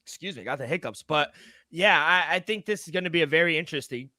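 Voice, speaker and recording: A man with a fairly high, bright, forceful voice co-hosts a casual betting show. He runs through spreads and odds and chimes in with agreement. The sound is dry and close to the mic. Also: fast, dry recording. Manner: reads lines and odds, agreeable interjections. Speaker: sports betting podcast co-host. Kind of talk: casual sports betting chat.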